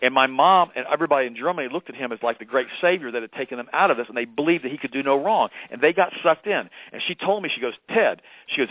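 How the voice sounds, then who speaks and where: A man in his fifties from the United States, a radio guest telling an impassioned story that rises in pitch when he quotes. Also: expressive, fast talker, hardly any pauses, dry recording. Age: 50s. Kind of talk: radio interview. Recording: tinny phone line, dry.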